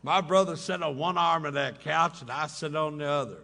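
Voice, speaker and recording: A man's voice: a little high, normal speed, creaky, pushed and bright. A man telling folksy, humorous stories to a meeting in a hotel ballroom, laughing along with his own jokes. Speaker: recovery meeting speaker. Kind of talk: humorous storytelling talk.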